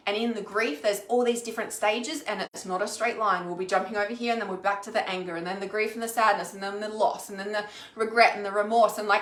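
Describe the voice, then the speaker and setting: A woman's voice: mid-range voice, fairly even intonation, fast, few pauses, a bit bright. A woman and intuitive healer talking candidly to her viewers, frank and sweary, peppering her speech with "like" and asking "okay?". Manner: frank and sweary, with frequent "like" and "okay?" check-ins. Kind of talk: casual, candid vlog talk to viewers. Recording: echoey room.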